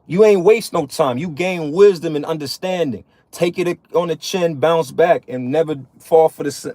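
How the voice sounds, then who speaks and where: A man's voice: on the high side, darkish tone, no room sound. A man in his thirties preaching bluntly and profanely to other men, often tagging sentences with "man". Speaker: religious vlogger. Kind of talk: profane street-preaching monologue.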